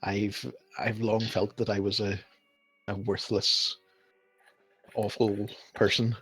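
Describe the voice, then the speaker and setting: A man's voice: on the low side, flat delivery, a bit bright, husky, dry recording, soft background music, heavily acted. A man playing an earnest half-orc. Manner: sincere, slow and halting.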